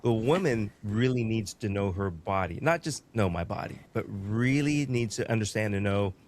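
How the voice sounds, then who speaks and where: A man's voice: fairly low pitch, expressive, moderate pace, a little mellow. A man hosting a podcast, asking thoughtful questions and making light jokes. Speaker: podcast host. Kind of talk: conversational podcast talk.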